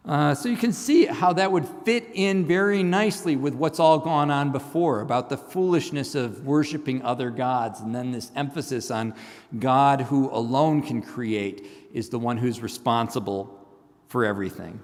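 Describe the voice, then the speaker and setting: A man's voice: on the high side, lively intonation, measured pace. A middle-aged man, a seminary professor, giving a church lecture, explaining word meanings and reading scripture aloud with frequent ums. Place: church hall. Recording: long reverb of a large hall.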